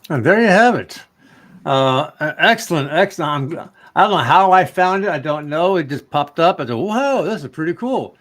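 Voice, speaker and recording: A man's voice: a little high, animated, normal speed, a bit bright. A man from the northern United States hosting a casual talk show, rambling with many fillers and restarts. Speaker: host.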